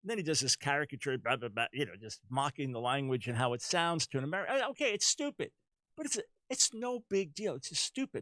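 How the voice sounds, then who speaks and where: A middle-aged man hosting a talk show, giving animated commentary on current events that rises to emphatic peaks. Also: high voice, brisk, no room sound. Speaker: radio talk show host.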